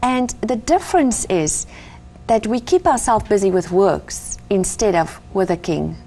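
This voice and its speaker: A woman's voice: mid-range voice, unhurried, warm tone. A middle-aged woman from Africa, earnestly telling her personal faith story as an interview guest. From South Africa. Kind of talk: personal testimony in conversation.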